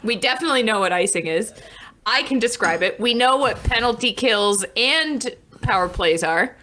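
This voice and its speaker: A woman with a bright, sharp voice co-hosts a sports podcast. She banters quickly and laughs easily, keeping the chat loose. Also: fairly high pitch, animated, a little hiss or hum. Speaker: podcast co-host.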